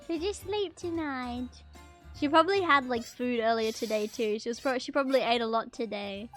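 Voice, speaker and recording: A woman streamer chatting casually while reacting to a video, playful, her voice jumping much higher when excited. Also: unhurried, soft background music.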